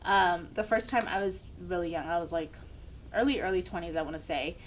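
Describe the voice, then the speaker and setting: Animated young woman telling her story. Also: lowish voice, brisk, a little hiss or hum. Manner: animated storyteller acting out quoted voices. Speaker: podcast co-host. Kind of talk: candid personal story in a podcast chat.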